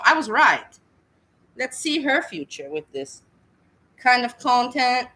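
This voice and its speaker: Woman, commentary host, scornful, blunt, bright tone. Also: fairly high pitch, sing-song, measured pace, pauses often, a little hiss or hum, poor audio. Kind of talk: reaction commentary.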